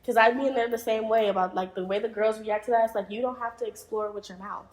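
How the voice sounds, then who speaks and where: A woman's voice: a little high, fairly even intonation, fast, a little mellow. A woman guest on a podcast, chatting casually and animatedly, often laughing and mimicking voices. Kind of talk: casual chat. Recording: echoey room.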